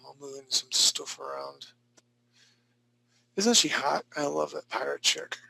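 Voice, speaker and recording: A man's voice: on the high side, fairly even intonation, slow, creaky, pushed and bright, no room sound, rough recording. A man teaching a live online drawing class, critiquing student work in a joking, laid-back, chatty way. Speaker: art instructor.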